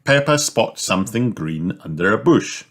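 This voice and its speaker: A man reading a children's book aloud in a slow, animated storytelling manner. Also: fairly low pitch. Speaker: storybook reader.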